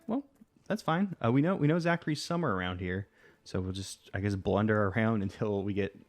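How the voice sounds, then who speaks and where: A man hosting a let's play, giving casual gameplay commentary and thinking aloud in a rambling way full of fillers. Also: fairly low pitch.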